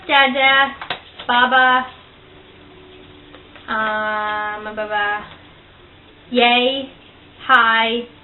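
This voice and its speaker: Chatty young mom, high and tinny. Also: female voice. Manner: chatty, rambling, many fillers. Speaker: vlogger, mother. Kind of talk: casual chat to camera. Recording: tinny phone-like sound, faint hiss.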